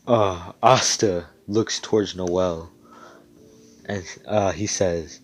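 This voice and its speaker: A man casually telling a made-up fan story, rambling, swearing often, and getting excited, over a computer mic on voice chat. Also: deep voice, takes it slowly, faint music behind.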